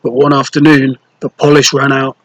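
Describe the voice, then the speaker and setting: A man reading a children's storybook aloud, slow, clear and playful, with rhymes. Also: medium pitch, monotone, a bit bright, dry recording, poor audio.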